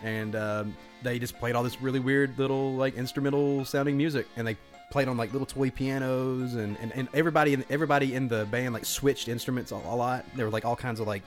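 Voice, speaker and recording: A man's voice: medium pitch, fairly even intonation, fast talker, soft background music. A man, co-hosting a casual film podcast, telling stories with lots of laughter and restarts. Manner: chatty storyteller, laughs often, many restarts. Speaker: podcast co-host.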